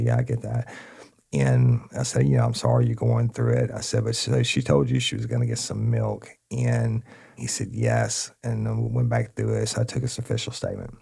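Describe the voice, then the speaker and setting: A man's voice: rumbling low, creaky, slightly rough. A man, a podcast host and former detective, telling a crime story casually, acting out the dialogue and calling his listeners y'all. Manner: animated retelling with quoted dialogue, addresses listeners as y'all.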